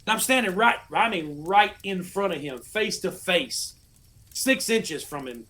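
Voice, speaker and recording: Animated American veteran spinning a profane yarn. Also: male voice, sits high, measured pace. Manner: animated, profane storyteller, acts out his old orders. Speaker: podcast guest, army veteran. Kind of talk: casual storytelling.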